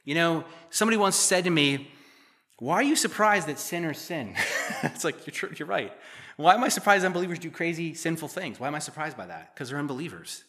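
Male pastor, middle-aged, bright forceful voice, slightly high for a man; reads scripture, then chats through it with wry asides. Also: lively intonation, quick pace. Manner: conversational, joking asides between read verses. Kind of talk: sermon reading and explaining scripture.

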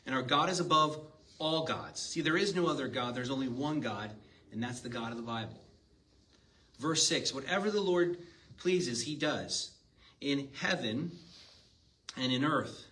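A man's voice: a little high, animated, moderate pace, fairly bright tone, a little hiss or hum. Man preaching from a distance. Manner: conversational, asks the congregation questions. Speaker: pastor. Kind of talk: sermon with scripture reading. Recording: distant mic with faint ambience.

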